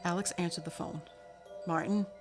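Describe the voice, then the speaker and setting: A woman with a low voice reading a novel aloud in a steady, measured storybook manner. Clear background music plays beneath her narration throughout.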